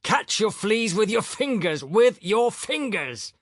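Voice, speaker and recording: A man's voice: a little high, sing-song, a little slow, no room sound, studio quality, voice pushed up. A male narrator voicing an exasperated, sarcastic older professor who talks irritably.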